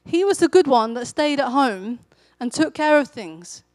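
A woman preaching a sermon in a conversational storytelling manner, growing animated when she acts out quotes. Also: high voice, normal speed, dry recording.

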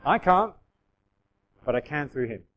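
A middle-aged man gives a relaxed, chatty sermon. His voice sits a little higher than most men's, and he slips into quoted voices with self-deprecating humour. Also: measured pace, poor audio. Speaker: pastor.

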